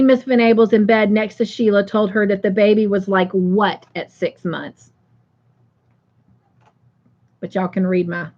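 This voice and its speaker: A woman's voice: mid-range voice, a little mellow, dull audio. A woman hosting a casual livestream, chatting affectionately with viewers and reading out their comments. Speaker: livestream host.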